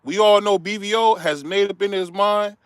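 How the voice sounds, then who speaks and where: A man's voice: high-pitched, normal speed, clean tone, no echo, clean studio sound. A middle-aged man, hosting a heated, preachy opinion rant that turns confrontational. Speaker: commentary show host.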